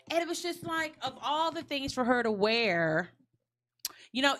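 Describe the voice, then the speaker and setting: Bright, sassy woman podcast host. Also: high-pitched, very animated, a little slow. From United States. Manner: sassy, chatty, laughs often. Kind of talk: casual chat.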